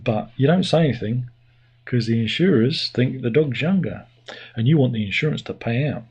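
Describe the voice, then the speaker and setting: A man with an English accent talks casually to his livestream viewers in a middle-pitched voice with a husky edge. He rambles and pokes fun at himself. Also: expressive, moderate pace, a little mellow, lo-fi sound. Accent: British (England). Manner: rambling, self-mocking, puts on silly voices for his dog. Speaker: livestream host. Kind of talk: casual chat.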